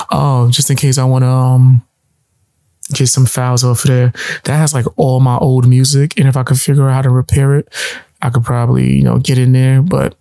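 A laid-back man co-hosting a casual chat, drifting into long asides. His voice is mellow and dark. The recording is dry and close. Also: mid-range voice, no echo. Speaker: co-host.

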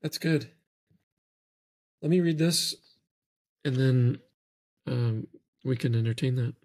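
A man's voice: medium pitch, darkish tone, dry recording. Man reading and discussing a book. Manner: thoughtful, reads passages aloud and pauses to comment. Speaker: podcast co-host. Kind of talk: book discussion with read-aloud passages.

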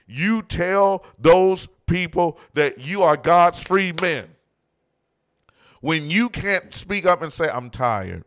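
A man's voice: a little high, lively intonation, slow, fairly bright tone. A man preaching a sermon, impassioned and mocking, frequently acting out quotes. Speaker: pastor.

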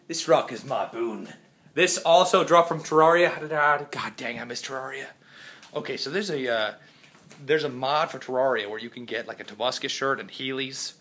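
A man chatting in a rambling, jokey vlog from his house, still sick, swinging from loud outbursts to mumbles. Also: on the high side. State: sick, congested. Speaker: vlogger. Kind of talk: casual vlog chat.

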